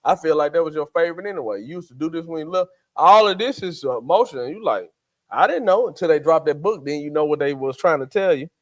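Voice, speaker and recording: A man's voice: fairly high pitch, expressive, fast, few pauses. A man, co-hosting a faith podcast in casual chat, acting out quotes in character voices. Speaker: podcast co-host.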